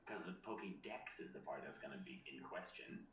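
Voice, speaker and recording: A man's voice: a bass voice, animated, brisk, fairly bright tone, a little hiss or hum. A man co-hosting a casual podcast, rambling and full of filler words. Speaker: podcast co-host. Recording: roomy, distant, dull mic.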